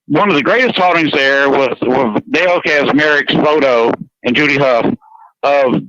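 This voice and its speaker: On a radio show, this Georgian man talks earnestly in his US Southern accent, drifting a little and repeating himself. His voice is mid-range and sharp, his pace moderate, with a dull, dry radio recording.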